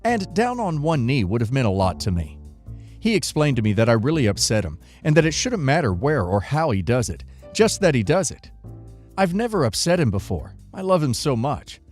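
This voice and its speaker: A man narrating, reading online forum posts and comments aloud in a steady read-aloud delivery. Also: mid-range voice, moderate pace, soft background music.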